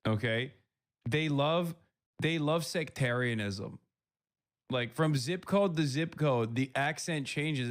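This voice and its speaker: A man reacting to videos on a live stream, casual and sarcastic with some swearing. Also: on the high side.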